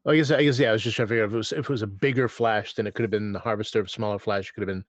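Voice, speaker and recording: A man's voice: lowish voice, steady tone, very fast, no room sound. A man playing a tabletop game, thinking aloud and repeating his words as he reasons. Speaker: player. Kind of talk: casual chat as a tabletop player.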